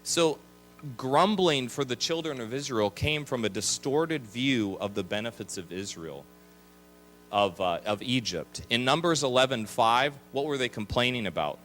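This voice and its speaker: A man preaching as a pastor, lively, with quick asides and acted-out complaining voices. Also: medium pitch, faint music behind. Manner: animated, acts out grumbling voices. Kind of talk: sermon. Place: chapel.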